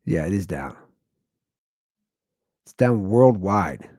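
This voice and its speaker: Animated rambling male comedian. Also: slow pace, dry recording, studio quality. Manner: animated, jumps into high incredulous exclamations. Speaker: comedian hosting his own podcast.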